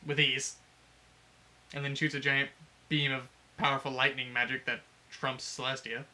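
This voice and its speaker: A man's voice: mid-range voice, little pitch movement, moderate pace, sharp tone. A man casually retelling a fanfic plot on a podcast, laughing and swearing as he acts out the lines. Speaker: podcast co-host.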